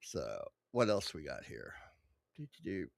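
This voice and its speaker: A man's voice: fairly low pitch, expressive, measured pace, a bit bright, no room sound, clean studio sound. Crude, profane man reacting to clips. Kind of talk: casual reaction stream commentary.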